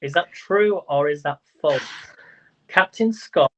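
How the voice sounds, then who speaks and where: A man's voice: a little high, takes it slowly, fairly bright tone. A man hosting a livestream quiz, chatty and stumbling over words as he counts up scores. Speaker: quiz host. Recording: dull lo-fi livestream audio.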